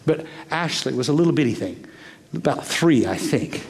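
An older man preaching a sermon as pastor, emphatic, swinging from loud bursts to hushed near-whispers. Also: fairly high pitch, lively intonation, normal speed.

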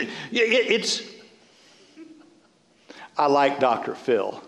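A high, lively male voice preaching in a big church hall, the sound trailing off in a long reverb. He is a middle-aged pastor who jokes, laughs and restarts his sentences as he goes. His pitch swings widely from line to line. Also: normal speed. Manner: animated, joking preacher with laughs and repeated restarts. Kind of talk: sermon.

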